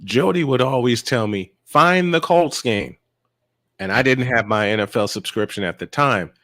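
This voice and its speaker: A man's voice: fairly low pitch, lively intonation, fairly quick, fairly bright tone, dry recording, clean studio sound. A man from Chicago chatting casually about sports as a podcast co-host, emphatic and full of stories. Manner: emphatic, tells stories with lots of affirming fillers.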